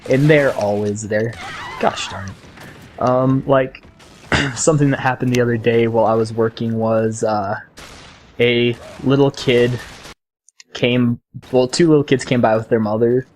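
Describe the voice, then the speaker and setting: Young man, gaming host, casual rambling commentary, middle pitch, faint background hum. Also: fairly even intonation, moderate pace, a little mellow. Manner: rambling, chatty storytelling between game reactions.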